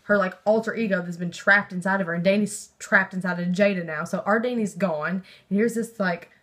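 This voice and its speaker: Excitable, rambling young woman book vlogger. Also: medium pitch, fairly quick. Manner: rambling and excitable, with lots of fillers and swearing. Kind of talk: casual book review chat.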